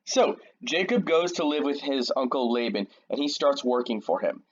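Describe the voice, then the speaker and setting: A man's voice: medium pitch, lively intonation, normal speed, breathy edge, highs cut off. A man casually retelling a Bible story in a slangy, jokey, conversational way to a young audience. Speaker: youth storyteller.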